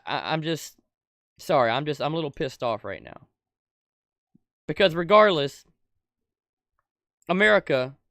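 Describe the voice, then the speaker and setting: A young adult man giving an angry, profane political rant as a commentator, swinging from shouted outbursts to low muttering. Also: no echo, clean studio sound.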